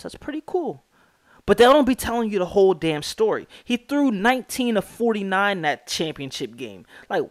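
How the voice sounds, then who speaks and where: A man's voice: high-pitched, no echo, studio quality. A young American man hosting a sports podcast, talking casually and with strong opinions, rattling off stats and slang. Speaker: podcast host.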